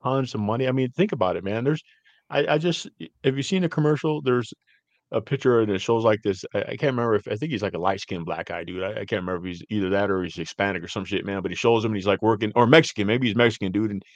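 A middle-aged podcast host talks in a loose, rambling way, peppering his sentences with "man" and "dude". His voice sits on the low side and sounds close and dry, with no room around it. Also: fast talker, no echo. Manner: rambling, animated storytelling with frequent "man" and "dude". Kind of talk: casual chat.

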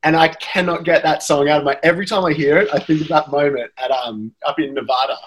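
A man's voice: on the high side, fairly even intonation, fast, a little hiss or hum, poor audio. A man with an Australian accent, a guest on a podcast, chatting casually in a rambling, self-deprecating way. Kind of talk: casual chat.

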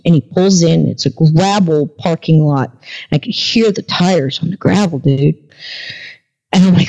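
A woman's voice: deep voice, normal speed, warm tone. A woman guest on a podcast, telling a story in a casual interview and acting out the dialogue as she goes. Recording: dull lo-fi recording.

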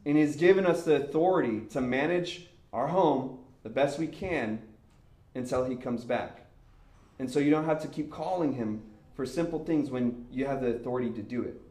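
A young man preaching in a casual storytelling way, animated and laughing as he acts out the people in his story. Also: medium pitch, moderate pace. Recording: echoey room.

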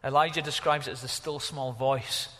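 A man preaching a sermon as pastor, animated, exclaiming at times and dropping to a hush at others. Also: mid-range voice, moderate pace, big-room sound. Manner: animated, exclaiming, varies from loud to hushed.

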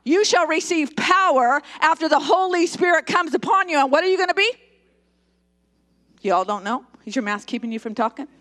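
A woman's voice: sits high, expressive, fairly quick, a bit bright. A woman pastor preaching a live sermon in a church service, emphatic and joking, calling for responses from the congregation.

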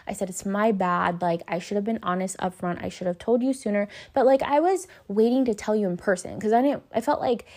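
A young woman from Southern California hosts a podcast, telling a personal story in a casual, animated way, swearing and acting out her own panicked lines. Her medium-pitched, slightly mellow voice moves fairly quickly with few pauses.

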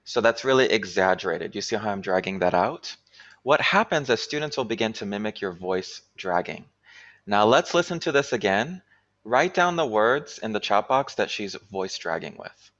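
A man presenting an online workshop for teachers, explaining clearly and checking in with "right?" often. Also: lowish voice, lively intonation, moderate pace, fairly bright tone, lo-fi sound. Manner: clear instructional talk with frequent "right?". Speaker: teacher trainer.

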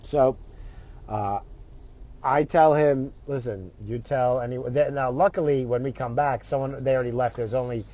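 A man's voice: mid-range voice, steady tone, moderate pace, warm tone. A middle-aged man telling a story in a casual, profane way, acting out what other people said in his own voice.

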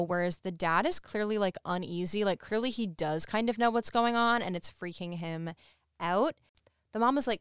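A woman co-hosting a podcast, recapping a show in casual chat, full of "like" and quick asides. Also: fairly low pitch, a bit bright, clear, resonant tone, no room sound, clean studio sound. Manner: chatty, lots of "like", laughs while talking. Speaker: podcast co-host.

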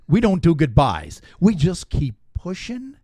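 A man's voice: on the high side, huge pitch swings, unhurried, darkish tone, no room sound, studio quality. A man who is a regular on the show, rapping comic verses and chatting playfully, often laughing mid-line. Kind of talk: comedic rapping and casual chat.

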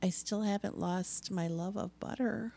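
A woman talking casually with a friend at a middle pitch. She rambles, stacks fillers and restarts her sentences as she goes. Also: steady tone, measured pace, creaky, dark tone, no echo. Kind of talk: casual chat.

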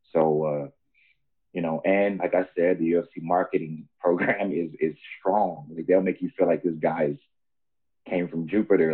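A man's voice: low-pitched, husky. A man who has fought himself, talking earnestly in a casual podcast chat and explaining from experience. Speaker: guest fighter. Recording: tinny phone-like line.

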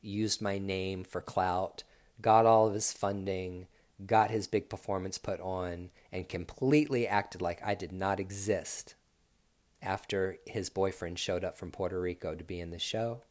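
A man's voice: sits low, steady tone, measured pace, darkish tone. A man, a dancer, telling a story from his own life in a blunt, profane way. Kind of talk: casual storytelling.

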